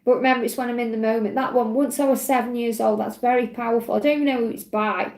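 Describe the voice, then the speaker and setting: A woman's voice: fairly high pitch, fairly even intonation, fast, a little mellow, roomy sound. A woman giving an earnest, emotional live tarot reading, often saying "you know" and "okay". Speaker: tarot reader. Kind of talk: live-streamed spiritual card reading.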